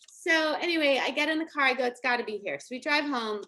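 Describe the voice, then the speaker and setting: Bright-voiced chatty New woman. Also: high voice, animated, quick pace, few pauses. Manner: chatty, laughing storytelling. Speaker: motivational coach. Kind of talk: casual motivational talk.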